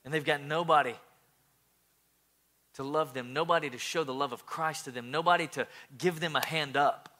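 A man preaching a sermon as pastor, animated, often repeating words and swinging between loud and soft. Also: on the high side, moderate pace.

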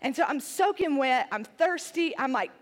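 A woman tells a funny story about herself to a live audience, chatty and self-deprecating. Her voice is high. She fills it with "like" fillers. A long hall reverb trails her words. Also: expressive, moderate pace. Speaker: speaker. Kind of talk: humorous personal story to an audience.

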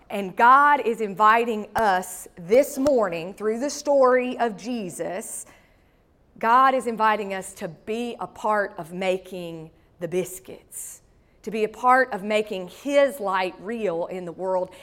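A woman's voice: mid-range voice, slow, fairly bright tone. A woman pastor, preaching a sermon through a personal story with folksy asides.

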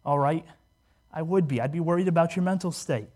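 A man with a high voice preaching a Sunday sermon. He is animated and keeps slipping into the voices of the people he quotes, which gives his talk a conversational, storytelling feel. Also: brisk. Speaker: pastor.

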